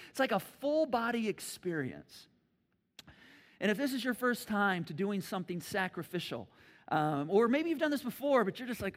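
A high-pitched middle-aged man preaches to his congregation in a church hall, his voice trailing off in a long reverb. He talks plainly, then bursts into loud, animated shouts and acted-out noises as he tells a story. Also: a little fast. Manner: animated, acts out stories with loud shouts and sound effects. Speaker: pastor. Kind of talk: sermon.

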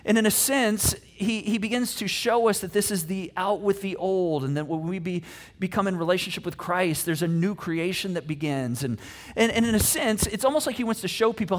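A man pastor giving a casual, animated sermon, telling a story in a conversational way with many fillers. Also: high voice, normal speed.

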